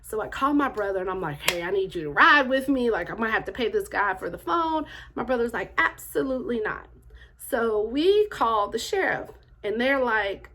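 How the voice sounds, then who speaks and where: A middle-aged woman vlogger telling stories straight to her viewers in a chatty, animated way, full of "like" and "um". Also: fairly high pitch, moderate pace. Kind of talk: casual storytelling to camera.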